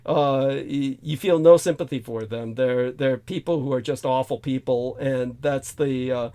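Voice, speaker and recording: A man's voice: mid-range voice, fairly even intonation, unhurried, warm tone. A man hosting a casual talk show, rambling through a film discussion with many fillers and restarts. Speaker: host.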